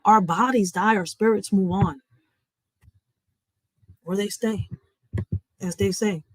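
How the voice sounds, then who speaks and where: A woman's voice: mid-range voice, slow, dry recording, poor audio. Impassioned woman ranting on a home livestream. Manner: impassioned, preachy, swearing freely. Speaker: livestream host. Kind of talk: casual livestream rant.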